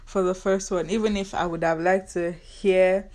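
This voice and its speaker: A young woman in her twenties with a Nigerian accent hosts her own podcast. She talks casually in a slightly low voice, full of sarcasm and banter. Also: fairly even intonation, moderate pace, darkish tone. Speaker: podcast host. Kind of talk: casual solo podcast chat.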